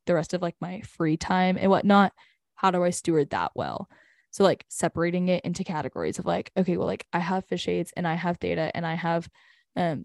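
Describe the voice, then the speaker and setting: Young woman podcast co-host, low-set voice, rambling casual chat full of fillers, dry close sound. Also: mellow, no room sound. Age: young adult. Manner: rambling, heavy use of "like".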